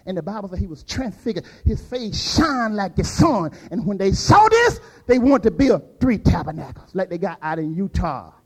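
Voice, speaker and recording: An older man preaching a fervent sermon, dropping to quiet asides and rising to shouted peaks. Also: high-pitched, big pitch swings, normal speed, few pauses, slightly rough, poor audio.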